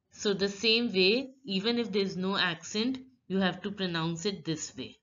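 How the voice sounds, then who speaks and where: A woman teaching French pronunciation, reading words out slowly and explaining each sound step by step. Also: mid-range voice, steady tone, fairly bright tone. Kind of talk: slow pronunciation lesson. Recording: dull lo-fi recording.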